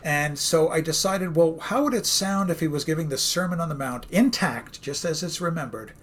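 In a very echoey room, a man with a Brooklyn accent co-hosts a podcast, talking enthusiastically in a rambling, casual manner. He's a communication professor whose husky voice sits on the high side at a moderate pace.

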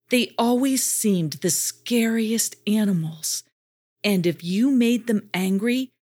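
A woman reads a children's story aloud in an expressive storytelling voice. She goes slowly and lets her pitch rise and fall widely. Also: a little hiss or hum. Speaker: narrator.

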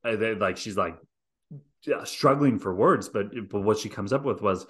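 A man's voice: on the low side, moderate pace. A middle-aged man hosting a podcast, telling a story with lots of swearing and acted-out voices. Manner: animated, profane storyteller acting out scenes. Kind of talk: storytelling chat.

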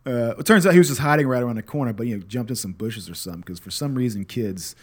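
A man in his thirties tells a story from home in a loose, unscripted way, swearing freely and poking fun at himself. His voice sits at an ordinary middle pitch. He drifts into reflective advice, still relaxed and candid. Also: quick pace. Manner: candid, profane, reflective, self-deprecating. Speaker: podcast host and father. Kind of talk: casual storytelling monologue.

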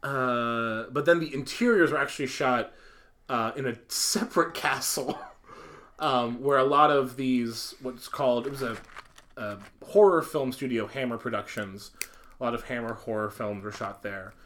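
A man's voice: mid-range voice, normal speed, fairly bright tone, a little hiss or hum. A man co-hosting a casual podcast chat about a film, laughing often, with lots of ums and uhs. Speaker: podcast co-host.

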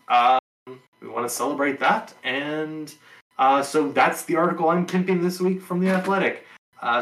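A man hosting a sports podcast, talking in a relaxed, rambling way with lots of ums. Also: on the high side, roomy sound, low-quality recording. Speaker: podcast host. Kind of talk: casual sports talk.

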